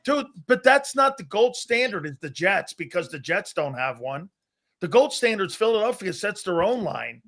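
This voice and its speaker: A young man with a notably high voice co-hosting a sports talk show. He talks in slangy, challenging bursts, tossing out statistics to push back on his partner. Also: big pitch swings, a bit bright. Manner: challenging, slangy, quick to cite stats. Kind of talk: casual sports debate.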